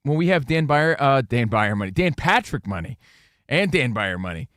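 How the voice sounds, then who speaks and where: Playful, animated male co-host. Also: medium pitch, moderate pace, no room sound. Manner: playful, riffing banter. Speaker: sports show co-host. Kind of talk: casual sports talk.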